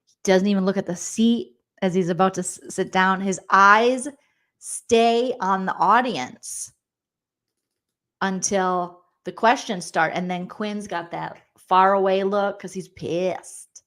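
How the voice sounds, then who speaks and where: A young adult woman comedian roasts a reality show in a sarcastic, gossipy recap, chatting straight to her viewers and mock-quoting people in put-on voices. Her mid-range voice is steady and a bit bright, and she speaks at a slow pace.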